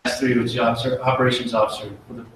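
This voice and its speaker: A middle-aged man, an army officer, giving an earnest promotion speech and telling a folksy story with pauses and restarts. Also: medium pitch, level tone, a bit bright, distant mic, a little hiss or hum. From United States. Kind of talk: ceremony speech with war story. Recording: very echoey hall, voice from afar.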